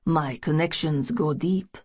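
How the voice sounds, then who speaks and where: A woman's voice: low voice, slow pace, a little mellow, slightly rough, dry recording, clean studio sound, exaggerated voice. Woman voicing a smarmy rich European businessman. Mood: ingratiating. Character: smarmy wealthy European businessman, thin, entitled. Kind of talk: audiobook character voice.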